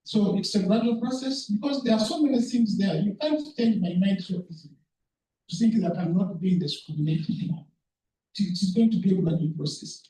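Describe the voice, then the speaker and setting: Earnest high-voiced man presenting in an echoey hall. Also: dark tone. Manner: halting, repeats words, earnest. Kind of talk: conference presentation. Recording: echoey room, speaker far from mic.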